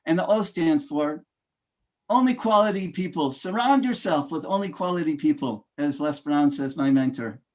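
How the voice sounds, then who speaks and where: A man with a notably high-pitched voice delivers a motivational speech. He speaks emphatically, calling out to the audience and pausing on fillers as he builds his points. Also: animated. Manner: emphatic, addresses audience as ladies and gentlemen, fillers.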